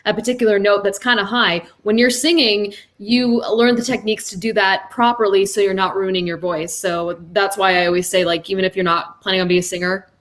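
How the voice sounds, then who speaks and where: Woman giving halting, earnest advice. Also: mid-range voice. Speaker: voice actor panelist. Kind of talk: casual panel chat.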